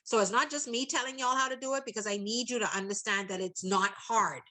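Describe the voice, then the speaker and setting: A woman leading an online training call, animated and playful, teasing participants by acting out what they might be thinking. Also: on the high side, fast talker, low-quality recording. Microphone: video call.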